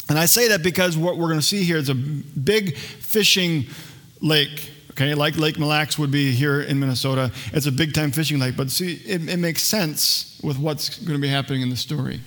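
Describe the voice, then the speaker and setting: Conversational preacher, a man, slightly high voice. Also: a bit bright. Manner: conversational, jokes with the congregation. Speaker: pastor. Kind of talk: sermon. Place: church.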